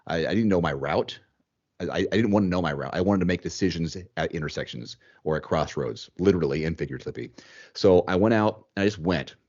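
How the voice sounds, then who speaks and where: Podcast host, male, low voice, animated and chatty, dull lo-fi sound. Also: quick pace. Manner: animated, thinks aloud, repeats words. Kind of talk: casual chat.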